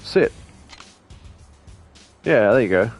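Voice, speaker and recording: Guy rambling through a game stream, laughs a lot, quiet music in the background. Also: fairly low pitch, lively intonation, takes it slowly, lo-fi sound. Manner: chatty, muses aloud, laughs often. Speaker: let's play streamer. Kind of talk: casual gameplay commentary.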